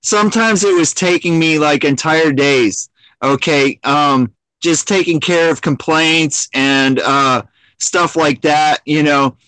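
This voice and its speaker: A man's voice: on the high side, slow pace, sharp tone, clear, resonant tone, no echo, low-quality recording. A man chatting casually on a livestream, rambling with many restarts and frequent laughs. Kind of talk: casual chat.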